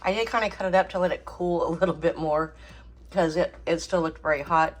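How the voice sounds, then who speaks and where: A woman's voice: fairly low pitch, fairly quick. A woman hosting a home cooking channel, talking casually with frequent ums and small laughs. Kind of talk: casual cooking vlog chat.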